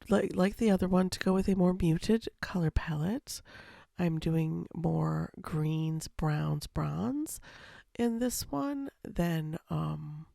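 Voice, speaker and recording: A woman with a slightly scratchy voice, speaking low and softly over a watercolor tutorial, rambling with lots of ums. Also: gravelly, breathy edge, no room sound, clean studio sound. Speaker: watercolor painting instructor. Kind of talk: casual voice-over for a painting tutorial. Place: home, with a baby asleep in another room.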